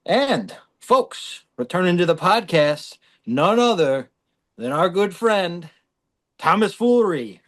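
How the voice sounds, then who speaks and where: A man hosting a comedic podcast, loud and joking with his co-hosts. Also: high voice, big pitch swings, slow. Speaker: podcast host.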